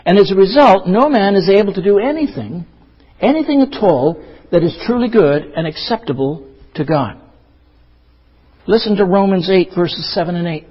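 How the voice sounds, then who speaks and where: A high-pitched, slightly husky man delivers an earnest sermon full of rhetorical questions and repeated phrases. The recording is muffled and lo-fi. His voice rings with the long reverb of a large hall. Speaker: preacher.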